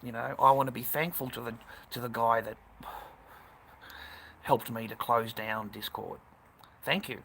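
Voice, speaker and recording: A man's voice: mid-range voice, fairly even intonation, measured pace, gravelly, pauses often, a bit bright. A man chatting casually on a live stream, blunt and rambling, swearing constantly. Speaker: livestreamer. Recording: noisy background hiss.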